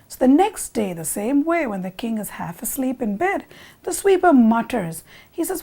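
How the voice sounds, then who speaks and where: A woman narrating a traditional fable expressively, moving from loud emphasis to whispers. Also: fairly high pitch, expressive, normal speed. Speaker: storyteller. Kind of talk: animated storytelling narration.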